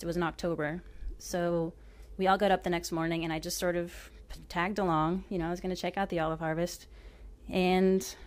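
A woman from Oklahoma, USA, with a lowish voice gives a book talk, recounting her travel story in a chatty, self-deprecating manner full of fillers and including a short reading.

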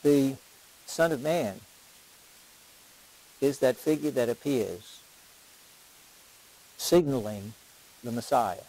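A man leading a parish Bible study as its teacher, questioning his class and repeating key lines for emphasis in an unhurried classroom lecture. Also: mid-range voice, lively intonation, mellow, husky, rough recording. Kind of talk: lively classroom lecture on scripture.

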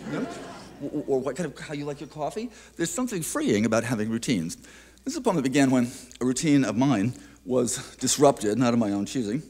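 A man giving a poetry reading at a museum, introducing his poem in a reflective, unhurried way with small hesitations, then reading it aloud. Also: medium pitch, sing-song, darkish tone, breathy edge. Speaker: featured poet. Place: live reading in an art museum.

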